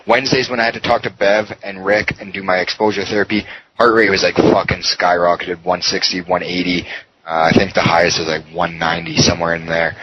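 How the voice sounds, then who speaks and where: A man recounting a heated story in a podcast interview, swearing often and acting out the dialogue. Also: on the low side. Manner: heated, profane retelling with quoted dialogue. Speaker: podcast guest. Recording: dull lo-fi sound with faint noise.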